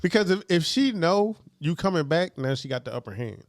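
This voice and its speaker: A man co-hosting a podcast in casual chat, animated and playful, often breaking into laughter as he tells stories. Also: on the high side, brisk, no echo, clean studio sound.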